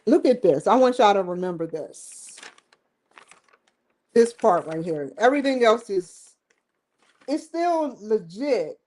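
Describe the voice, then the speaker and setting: A woman's voice: medium pitch, sing-song, takes it slowly, pauses often, a little mellow. A woman hosting her own livestream show, rambling and joking between topics, often breaking into laughter. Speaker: host. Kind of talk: casual livestream chat.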